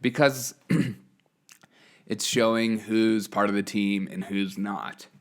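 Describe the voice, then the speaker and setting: Sex: man. Role: show host. Style: casual monologue. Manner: rambling, many fillers. Pitch: lowish. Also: steady tone, slow pace.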